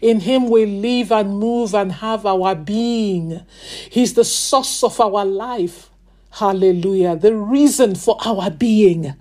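A woman's voice: mid-range voice, dark tone. A woman preacher leading a congregation in prayer, repeating and drawing out her prayer phrases. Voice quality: drawn-out, repetitive prayer phrases. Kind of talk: sermon and led prayer.

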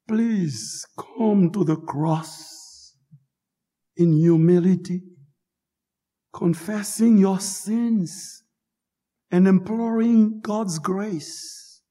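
A man preaching a fervent sermon, rising to shouts and dropping to hushed pleas. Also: sits high, husky.

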